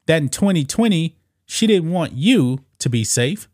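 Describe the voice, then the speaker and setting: A man's voice: on the high side, animated, measured pace, darkish tone, dry recording, studio quality. A man hosting casual political commentary, talking straight to viewers as guys and scoffing as he reads news quotes. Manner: talks straight to viewers, calls them guys.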